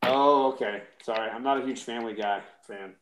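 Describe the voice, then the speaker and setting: Man, mid pitch, loose joking live-stream chatter, roomy echo. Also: fairly quick, fairly bright tone, slight background noise. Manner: joking, rambling, self-deprecating. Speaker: comic auction co-host. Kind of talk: casual live-stream chat.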